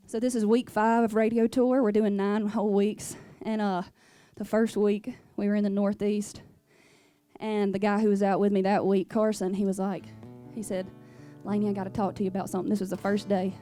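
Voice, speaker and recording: A woman's voice: medium pitch, dark tone, no room sound, clean studio sound. Sassy Southern woman telling stories. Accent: Southern US, Louisiana. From Louisiana. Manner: folksy, sassy, down-home storytelling. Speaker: country singer. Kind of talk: storytelling between songs. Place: radio station performance studio.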